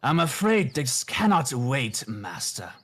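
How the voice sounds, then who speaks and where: A man's voice: medium pitch, big pitch swings, slow pace, fairly bright tone, heavily acted. A man voicing a grave, formal male demon puppet servant in a tabletop game puppet play.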